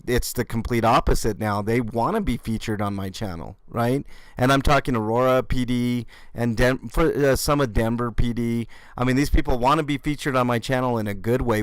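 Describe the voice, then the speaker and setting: Male host, mocking and profane, dry close sound, mid pitch. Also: dry recording. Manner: sarcastic, mocking, swears freely. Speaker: YouTube channel host reacting to police video. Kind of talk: casual commentary reaction.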